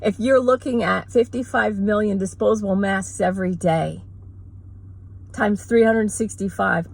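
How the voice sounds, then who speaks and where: A woman vlogger ranting sarcastically in a rambling, mocking way, with quick asides. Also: medium pitch, creaky, a little mellow, slightly rough, poor audio. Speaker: mother. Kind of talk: sarcastic comedic rant.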